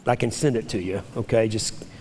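A man's voice: fairly low pitch, steady tone, brisk, dark tone, big-room sound, a little hiss or hum. A pastor leading his congregation through a spoken confession of faith, declaiming in emphatic rising phrases.

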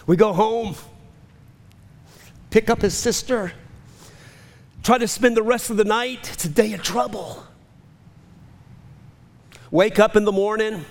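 A man in his fifties preaches an impassioned sermon, his high, gravelly voice swinging from loud cries down to hushed whispers. The sound carries a long reverb, as if from a church hall. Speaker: pastor.

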